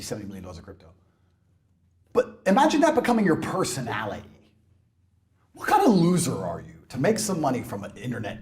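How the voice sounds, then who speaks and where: A man in a brash, mocking monologue, swearing often. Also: mid-range voice. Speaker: internet personality. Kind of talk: ranting monologue.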